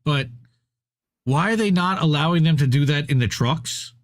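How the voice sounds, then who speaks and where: A man's voice: fairly high pitch, lively intonation, normal speed. A man co-hosting a podcast, ranting about labor in casual, profane, fired-up chat. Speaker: podcast co-host.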